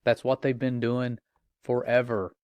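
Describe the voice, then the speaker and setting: Middle-aged male commentator, earnest and grave, mid pitch, dry recording. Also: flat delivery, measured pace, a little mellow, clear, resonant tone, no room sound. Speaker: Christian commentator. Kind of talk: warning commentary.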